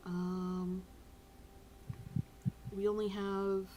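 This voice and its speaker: A woman's voice: medium pitch, little pitch movement, very slow, mellow, a little hiss or hum, rough recording. A woman playing a tabletop game who talks expressively, with lots of fillers. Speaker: player.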